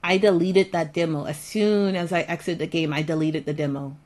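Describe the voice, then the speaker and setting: A woman's voice: low-pitched, fairly even intonation, a little fast, a little mellow, rough recording. A woman streamer chatting casually with her viewers, repeating herself and sounding mildly exasperated as she fiddles with her audio settings. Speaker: live streamer.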